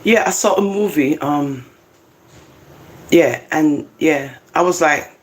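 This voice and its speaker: A speaker, reading scripture aloud with commentary, getting excited and then calming down. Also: mid-range voice, slow, slight background noise. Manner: excitable, animated, swings between loud bursts and quiet asides. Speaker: Rastafarian Bible reader.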